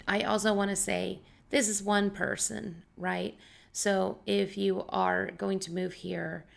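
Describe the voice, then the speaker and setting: A young woman who teaches English chats to her vlog audience in a gravelly, medium-pitched voice. Her casual explanations are scratchy-sounding and loaded with fillers and disclaimers.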